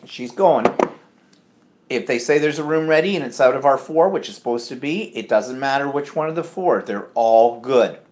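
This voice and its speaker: A man co-hosts a casual podcast, telling a story in a fairly high voice. He slips into the voices of the people he quotes as he goes. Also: normal speed, a little mellow, a little hiss or hum. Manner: chatty storytelling, acting out quoted lines. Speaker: podcast co-host. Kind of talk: casual chat.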